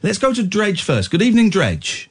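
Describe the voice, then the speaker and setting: A husky man hosts a late-night phone-in from the studio. His pitch swings a lot as he jokes and rambles, with frequent restarts. He talks in a loose, casual way. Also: wildly swooping pitch, normal speed. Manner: jokey, rambling, lots of restarts. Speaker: radio host. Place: radio studio.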